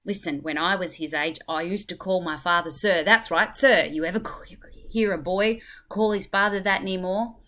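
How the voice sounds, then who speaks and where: A woman's voice: on the low side, normal speed, hardly any pauses, lightly acted. A woman reading aloud as an angry, bitter middle-aged male juror who rants with indignation. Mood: indignant. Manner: indignant ranting, rising loud.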